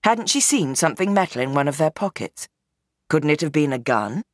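A woman reading a novel aloud in measured, tense scripted narration. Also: sits low, sing-song, no echo, clean studio sound. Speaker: audiobook narrator.

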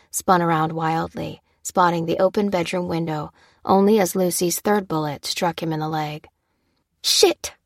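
Female narrator, low register, measured thriller read, dry studio sound. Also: no room sound.

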